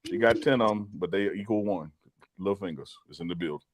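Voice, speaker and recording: A man's voice: sits low, fairly quick, dry recording. Teasing man with a tight, dry voice. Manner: teasing, joking, repeats words when excited. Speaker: podcast co-host. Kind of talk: casual live-stream banter.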